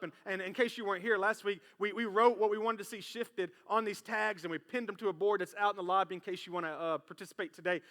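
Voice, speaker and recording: A man preaching a sermon in a church, telling a personal story and acting out the voices in it. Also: high voice. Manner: animated, acts out voices in his story. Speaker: pastor. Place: church sanctuary. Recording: long hall reverb in church.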